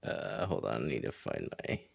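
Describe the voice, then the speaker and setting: A woman's voice: extremely low pitch, sing-song, normal speed, vocal fry, a little mellow, slightly rough, dry recording, highs cut off. A woman playing a tabletop game, teasing and drawn out. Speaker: player. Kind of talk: casual tabletop play.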